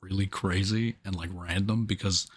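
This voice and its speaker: A man's voice: low voice, steady tone, normal speed, slightly rough. A man co-hosting a casual movie review podcast, chiming in with dry, sarcastic asides. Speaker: podcast co-host.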